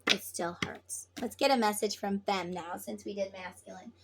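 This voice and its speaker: A woman's voice: mid-range voice, normal speed, fairly bright tone, slightly rough. A woman tarot reader giving spiritual advice in an earnest, casual way, repeating herself and swearing now and then.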